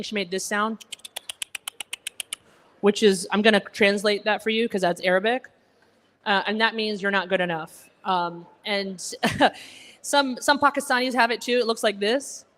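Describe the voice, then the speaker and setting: A woman's voice: medium pitch, fairly bright tone. Teasing woman doing stand-up. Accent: American, Connecticut-like. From Egypt, raised in Alabama. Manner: chatty, teasing the crowd, self-deprecating. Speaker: stand-up comedian at a gala. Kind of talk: stand-up comedy set. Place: banquet hall with a live audience.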